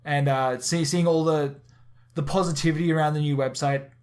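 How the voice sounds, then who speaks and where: An Australian man with a voice pitched a little higher than most men. He co-hosts a casual podcast chat, talking quickly and eagerly and often restarting his sentences as his thoughts run ahead. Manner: quick, excitable, with many restarts. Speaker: podcast co-host.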